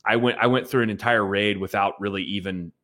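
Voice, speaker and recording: Bright-voiced man rambling about a game. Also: on the low side, fairly even intonation, brisk. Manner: rambling, many restarts, agreeable. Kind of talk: casual gaming chat.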